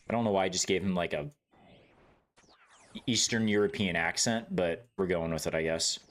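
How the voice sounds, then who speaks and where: A man's voice: fairly low pitch, moderate pace. A man streaming a game, chatting casually with his viewers in a joking, laid-back way, swearing freely and laughing often.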